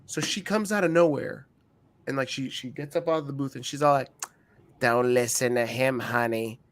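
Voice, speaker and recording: A man co-hosting a wrestling podcast, telling stories in a profane, animated way and acting out what people said. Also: a little high, brisk, no echo. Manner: profane, animated storytelling with acted-out quotes. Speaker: podcast co-host. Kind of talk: casual chat.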